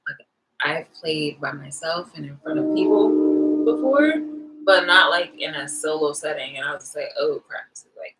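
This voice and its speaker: A young woman vlogging, telling a rambling story in a casual, animated rant full of fillers. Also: low-pitched, moderate pace, loud music behind the voice, poor audio.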